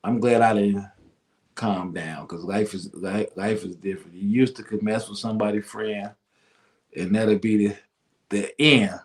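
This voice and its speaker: A man's voice: on the low side, fairly even intonation, measured pace. A man hosting a casual radio talk show, laughing often and talking in loose slang. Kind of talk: casual chat.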